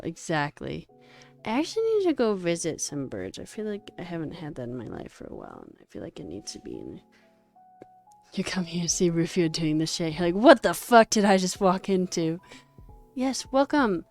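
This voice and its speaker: A woman livestreamer chats casually with her viewers between bits of coding. Her voice sits on the low side and her talk is loose, full of fillers and the odd swear. Faint music plays softly underneath. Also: creaky. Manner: chatty and animated, lots of fillers and casual swearing. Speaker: streamer coding a website.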